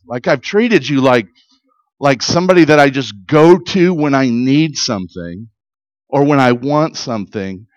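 A man's voice: fairly high pitch, expressive, normal speed, dry recording, highs cut off. A middle-aged pastor preaching in an earnest, conversational way, often restarting his sentences and building to emphatic peaks. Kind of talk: sermon.

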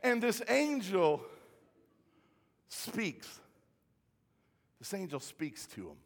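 A male pastor preaching a sermon, swinging from hushed, quiet lines to shouted peaks. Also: high-pitched, huge pitch swings, drawn-out words. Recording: hall reverb.

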